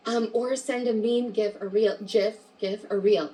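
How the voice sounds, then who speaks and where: A woman's voice: fairly high pitch, steady tone, measured pace, few pauses, mellow, poor audio. Upbeat woman coaching a live webinar. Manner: upbeat and chatty, reads out the live chat and answers it. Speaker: coach leading a live online training.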